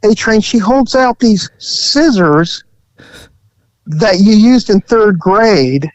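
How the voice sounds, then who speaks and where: A man co-hosting a podcast, telling a profane, animated story from his time as a police officer. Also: high-pitched, slow, no echo, highs cut off. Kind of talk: casual storytelling chat.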